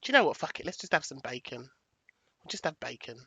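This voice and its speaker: A woman's voice: rumbling low, sing-song, brisk, fairly bright tone, husky, no echo. A woman hosting a casual livestream, chatting to viewers and thinking aloud as she sets up a presentation. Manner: chatty, thanks viewers, thinks aloud while picking graphics. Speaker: livestream host.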